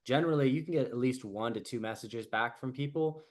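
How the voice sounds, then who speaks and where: A man coaching sales setters in an easygoing, conversational way. He leans on "like" and tag questions, and brightens when he acts out what other people said. His pitch sits in the ordinary middle for a man. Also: a little fast. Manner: casual, lots of "like" and "right?", animated quoted asides. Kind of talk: casual group coaching call.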